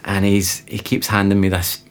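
Deep-voiced man telling stories. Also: normal speed. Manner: animated anecdotes with laughing asides. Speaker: interview guest, presenter and explorer. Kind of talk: casual storytelling.

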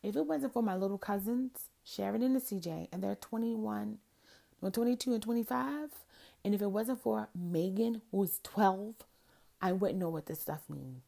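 With a medium pitch, vocal fry and normal speed, a vlogger in her forties launches into a sassy, animated monologue about dating and texting. She's casual, tired and crampy throughout.

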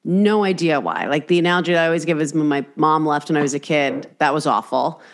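A podcast host with a low-pitched voice talks casually and a little fast, swearing freely. She rambles and restarts mid-sentence, acting out the inner voices in her animated stories.

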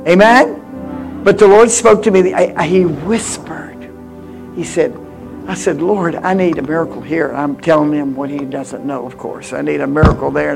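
A woman in her eighties preaching a sermon with personal stories, swinging from loud exhortation to hushed confiding. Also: fairly low pitch, vocal fry. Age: 80s.

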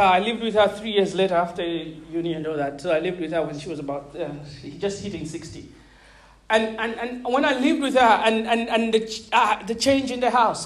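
A woman in her thirties preaching a sermon, animated and laughing often, checking in with her listeners and repeating words as she thinks. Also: medium pitch. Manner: repeats words when searching for them.

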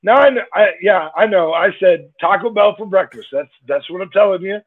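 A podcast guest with a high voice tells jokey stories in a laid-back way, laughing easily. He comes through a tinny, phone-like call line with thin, narrow sound. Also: fairly quick. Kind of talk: casual chat.

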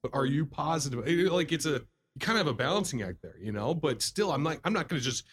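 Male co-host, somewhat high voice, lively storyteller, laughs a lot. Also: fast, breathy edge. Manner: animated storyteller, laughs often, acts out customers. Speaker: podcast co-host, salesman. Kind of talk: casual chat.

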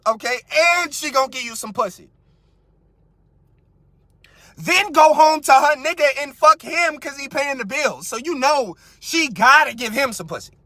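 A man hosting a podcast, giving crude, comedic commentary on a story he reads out. He swings between loud outbursts, quiet mutters and laughing at his own jokes. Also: very high voice, expressive, normal speed, no echo. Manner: crude, loud, cracks himself up, trails into mutters. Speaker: podcast host.

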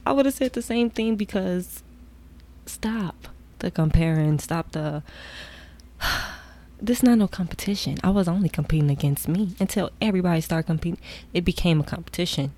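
Young woman, casual storytelling, candid, animated, soft whispered asides. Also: on the low side, moderate pace.

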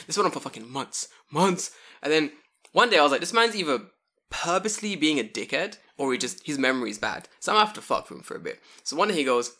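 A young man with a London accent, hosting a casual chat and telling stories with loud mocking put-on voices. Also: medium pitch, animated, quick pace. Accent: London English. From United Kingdom. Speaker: podcast host.

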